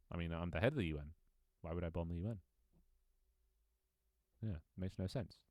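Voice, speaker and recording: A man with a very low voice chats loosely over a multiplayer game, teasing other players and breaking into chuckles. The sound is dry and close, with no room around it. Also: darkish tone, dry recording. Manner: playful, joking, chuckles often. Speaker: gaming streamer. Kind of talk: casual gameplay chat.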